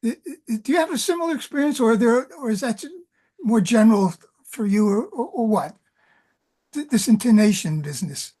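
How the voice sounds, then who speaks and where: A woman lecturer in an academic discussion, talking in halting phrases with many restarts. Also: fairly high pitch, expressive, mellow.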